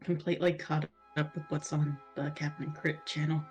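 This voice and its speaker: Lowish voiced woman rambling about her character, lots of "like", faint music in back. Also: little pitch movement, normal speed, darkish tone, dull audio. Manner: chatty, rambling with many "like"s. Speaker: player. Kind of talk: casual chat at a tabletop game.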